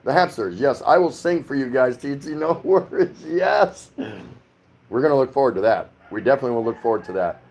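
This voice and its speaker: A middle-aged man from the United States hosts a casual livestream from his home. He reads viewer comments aloud one after another and chats back with loose, rambling asides. His voice sits at an ordinary middle pitch. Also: expressive, fairly quick, darkish tone, muffled recording. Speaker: livestream host. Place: home in the Philippines.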